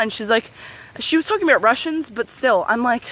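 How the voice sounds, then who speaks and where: A woman's voice: a little high, animated, takes it slowly, pauses often, a bit bright. Angry young woman venting to camera. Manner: heated, profane, sarcastic, with frequent fillers and laughs. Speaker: vlogger. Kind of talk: angry unscripted rant to camera.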